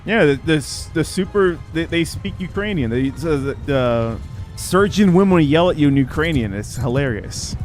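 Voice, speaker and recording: A male game streamer chats to his viewers while he plays, sharing firm opinions in a loose, talkative way. His voice sits slightly high and moves up and down a lot. Faint game music plays underneath. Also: lively intonation, normal speed. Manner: opinionated, chatty, talks to viewers. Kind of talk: live gameplay commentary.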